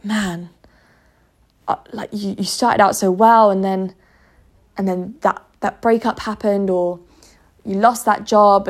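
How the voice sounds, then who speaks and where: A woman's voice: mid-range voice, lightly acted. A woman voicing a sorrowful, disappointed best version of a person. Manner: soft, regretful, reproachful.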